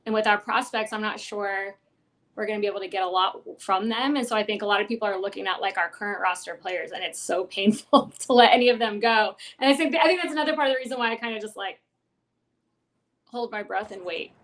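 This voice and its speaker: A woman's voice: medium pitch, quick pace, a bit bright. A woman guest on a sports podcast, chatting casually and eagerly, laughing often between thoughts.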